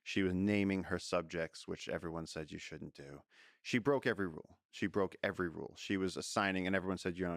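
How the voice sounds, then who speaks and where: Low gravelly man telling animated stories. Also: fairly quick, no echo, clean studio sound. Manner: animated storyteller who acts out voices in quotes. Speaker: interview guest. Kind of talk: storytelling in a casual interview.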